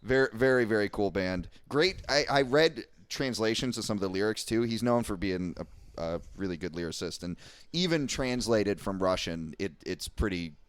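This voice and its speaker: A man's voice: lowish voice, animated, moderate pace, hardly any pauses, clear, resonant tone, dry recording. An American man co-hosting a podcast, chatting casually and enthusiastically about punk bands, rambling and swearing freely. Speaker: podcast co-host.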